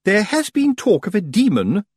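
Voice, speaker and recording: A man voicing a haughty, pompous woman in a storybook, speaking high and drawn out in a husky falsetto. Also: huge pitch swings, normal speed, dry recording, studio quality, full character voice. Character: haughty pompous witch woman, gushing and grand.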